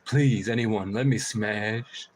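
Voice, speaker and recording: A man voicing a pestering male crow that begs in a slow, low, pleading drawl. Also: darkish tone, slight background noise.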